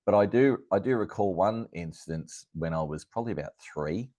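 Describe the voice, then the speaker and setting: A middle-aged Australian man with a low, deep voice recounts a childhood story as an interview guest. He talks in a lively, anecdotal way, chuckling and circling back with fillers and restarts. The recording is dry and close, with no room sound. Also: moderate pace, no room sound, lo-fi sound. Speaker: astrologer guest.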